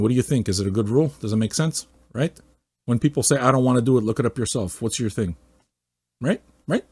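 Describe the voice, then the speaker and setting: A man's voice: medium pitch, no room sound. Profane ranting male podcast host. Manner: swearing often, mocking, swings between loud outbursts and muttering. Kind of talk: casual profane rant.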